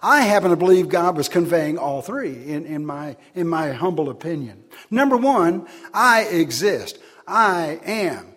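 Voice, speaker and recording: A man preaching a sermon, swinging between loud, emphatic declarations and quiet asides. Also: on the high side, big pitch swings, normal speed, hardly any pauses.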